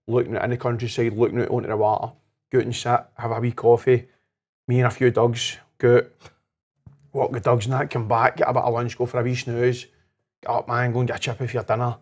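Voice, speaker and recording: A Scottish man in his thirties with a mid-range voice, spinning anecdotes and playing out the lines of the people in them. He is a guest in a relaxed whisky-lounge chat. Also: mid-range voice. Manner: animated anecdotes, acts out quotes. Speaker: podcast guest. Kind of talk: casual chat over whisky.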